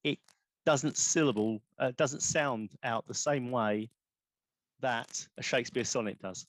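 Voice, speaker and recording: A man's voice: medium pitch, unhurried, dry recording. A man, poet in residence, giving a rambling, self-correcting online talk on poetry forms over a video call.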